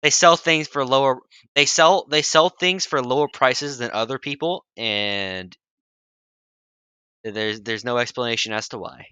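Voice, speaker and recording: A man voicing a shady, evasive guild recruiter, talking in halting, hesitant phrases. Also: medium pitch, sharp tone, clean tone, no echo. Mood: smooth.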